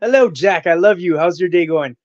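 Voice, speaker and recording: Canadian guy calling in, high voice, swearing and worked up, muffled call sound. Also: a little fast, dry recording. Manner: profane, agitated venting. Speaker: caller, panel guest. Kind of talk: livestream call-in chat. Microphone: video call.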